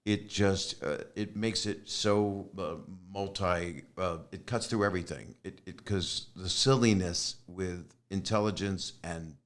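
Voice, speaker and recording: Deep-voiced male podcast host. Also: steady tone, a little slow, few pauses. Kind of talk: casual interview chat.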